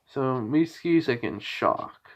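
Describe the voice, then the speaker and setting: Speaking in a mid-range, sing-song voice, a man recounts a piece of fan fiction in a relaxed way. His telling wanders and stalls, packed with filler words and false starts.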